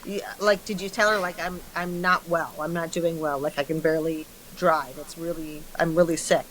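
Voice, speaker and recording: A woman's voice: sits low, fairly even intonation, moderate pace, a bit bright, low-quality recording. Chatty woman co-host, faint background noise. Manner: chatty, lots of likes, teasing questions. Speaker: podcast co-host. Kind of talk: casual conversation.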